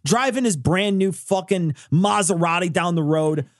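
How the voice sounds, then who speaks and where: A man's voice: sits high, moderate pace, no room sound, clean studio sound. A man co-hosting a podcast. He chats casually about politics and swears for emphasis. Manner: emphatic, sweary, reads quotes aloud. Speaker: podcast co-host.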